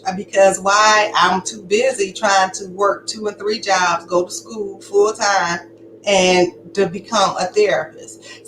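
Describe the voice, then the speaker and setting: Candid woman telling her own story. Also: mid-range voice. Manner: candid, conversational, emphatic. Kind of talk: personal testimony. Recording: echoey room with faint background noise.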